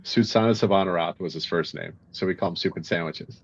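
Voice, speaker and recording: A man's voice: low-pitched, noisy background. A man telling a profane, exasperated funny story in a casual chat, on a dull lo-fi recording. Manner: fast, profane, exasperated humor. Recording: dull lo-fi sound.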